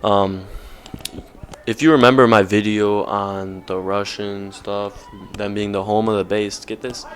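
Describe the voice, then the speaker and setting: A man's voice: lowish voice, steady tone, unhurried, fairly bright tone, a little hiss or hum. A young man vlogging off the cuff, rambling with lots of slang and filler words. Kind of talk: casual off-the-cuff vlog talk.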